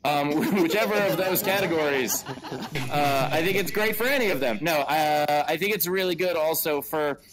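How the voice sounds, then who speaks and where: Speaking on the high side with a crowd audible behind him, this US comedian runs a show from his home in a virtual-reality venue. Over a headset mic he banters casually and profanely, mocking himself with quick asides.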